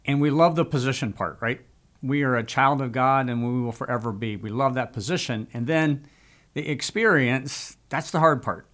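A man's voice: medium pitch, moderate pace, a bit bright. A man hosting a faith interview, conversational, leaning on key words and often adding "right?". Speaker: host.

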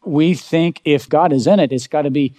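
A male pastor delivering a dramatic sermon, asking rhetorical questions and swinging between loud emphatic bursts and low, quiet lines. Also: normal speed. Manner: asks the congregation rhetorical questions. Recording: long reverb of a large hall.

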